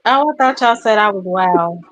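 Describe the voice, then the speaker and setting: A woman's voice: mid-range voice, lively intonation, normal speed, dry recording. A woman chatting playfully in a casual group. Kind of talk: casual chat.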